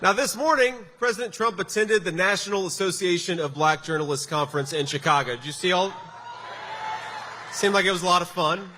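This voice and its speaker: A political candidate rouses a crowd with a campaign rally speech in a large venue, speaking a little fast in a bright voice that sits high for a man. His delivery is emphatic and punchy, laced with sarcastic jabs, and the audio has a long hall echo over faint noise.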